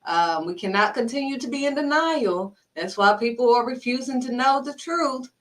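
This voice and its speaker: A female faith vlogger gives a preachy talk straight to camera, blunt and emphatic, scolding and repeating herself for emphasis. Her voice is a little high and a bit bright, with lively intonation at normal speed. She sounds somewhat distant from the mic.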